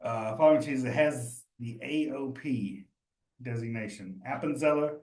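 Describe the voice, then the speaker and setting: A man's voice: mid-range voice, normal speed, a little mellow. Chatty man teaching in an echoey room. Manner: chatty, addresses students directly, thinks aloud. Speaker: cheese instructor. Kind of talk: live online study session. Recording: roomy echo.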